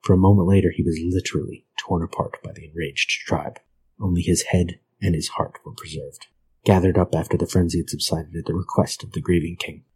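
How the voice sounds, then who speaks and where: A man reading a grim old folk tale aloud in a measured, grave manner. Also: deep voice, darkish tone, husky, poor audio. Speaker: narrator.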